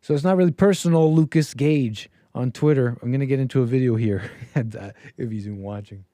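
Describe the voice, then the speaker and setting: A man's voice: mid-range voice, brisk, warm tone, no room sound. A man from the United States hosting a casual call-in livestream, rambling and restarting his sentences as he tells stories. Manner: rambling, with frequent restarts and asides. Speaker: livestream show host. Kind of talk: casual call-in show monologue.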